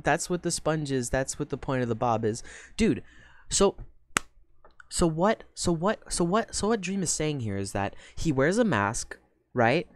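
A young woman streamer giving profane, mocking reaction commentary, with loud bursts of laughter and sudden shouting. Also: low-pitched, no room sound.

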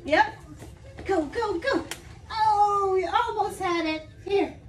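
A woman's voice: very high-pitched, takes it slowly, reverberant, faint music behind. A mother coaching her young child through play, coaxing and encouraging him with short, repeated cheers. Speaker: mother vlogger.

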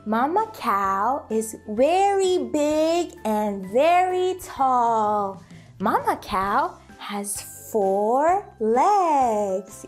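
A woman teaching toddlers in a slow, sing-song lesson voice, asking exaggerated, cheerful questions and drawing out her words. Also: high-pitched. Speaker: children's teacher. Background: faint background music.

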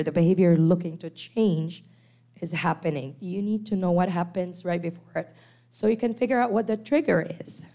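Mellow-voiced woman giving a lively lecture. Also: lowish voice. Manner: animated, acts out quoted parents and kids. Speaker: lecturer on special needs teaching. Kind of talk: church workshop lecture.

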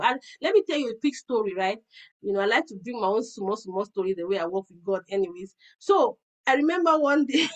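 A woman preaching to a women's fellowship, telling earnest personal stories in an animated way and often repeating words. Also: fairly high pitch, low-quality recording.

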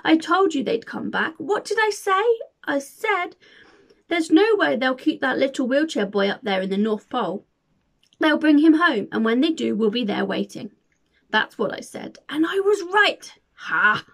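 A sneering, posh male hunter villain from a storybook, put on by a woman reading aloud. He gloats and cackles in a raised, forceful, gravelly tone. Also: high voice, expressive, moderate pace, pitched above the performer's own voice, heavily acted. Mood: gloating.

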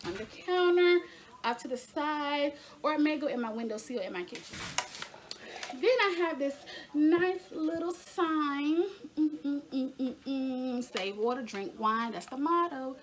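A woman's voice: sits high, slight background noise. A young woman chatting casually in a home haul video, talking to her viewers as y'all. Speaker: lifestyle vlogger.

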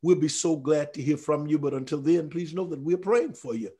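A man preaching a Bible study sermon as pastor, fervent, swinging from near shouts down to a hush. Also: a little high, animated, fairly quick, husky. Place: church or ministry room.

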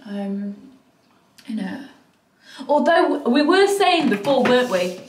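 A woman's voice: on the high side, big pitch swings, takes it slowly, far from the mic. A young British woman vlogging in casual chat with a friend, playful and casually swearing. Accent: British English. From United Kingdom. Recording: echoey room, away from the mic.

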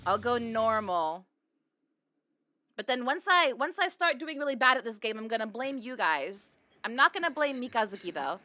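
Giggly bright-voiced woman streamer. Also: on the high side, big pitch swings, normal speed, faint music behind. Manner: giggly and playful, greets chat with pirate ahoys. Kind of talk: casual live-stream chat while gaming.

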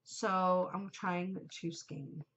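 A woman's voice: fairly low pitch, steady tone, very slow, fairly bright tone, slight background noise. Chatty, gushing woman podcast host. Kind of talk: casual chat. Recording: muffled lo-fi home recording.

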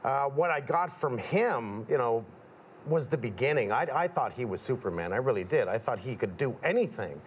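A man's voice: medium pitch, big pitch swings, normal speed, slight background noise. A man, a contractor, talking as a guest in a casual TV interview, telling stories and acting out what others said. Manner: storytelling, acts out quotes of his father. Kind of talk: casual talk show interview. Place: TV studio with audience.

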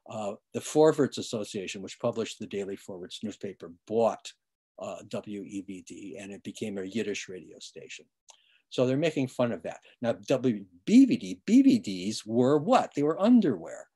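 A man's voice: on the low side, mellow, husky. A man giving an online lecture about music history, explaining patiently with many fillers and restarts, and now and then humming a rhythm.

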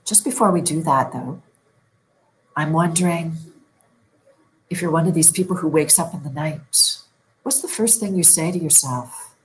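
Low-voiced woman, calm sleep coach. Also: a little hiss or hum, low-quality recording. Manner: slow, soothing instructions addressed to the viewer. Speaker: sleep and stress management coach. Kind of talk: guided relaxation lesson.

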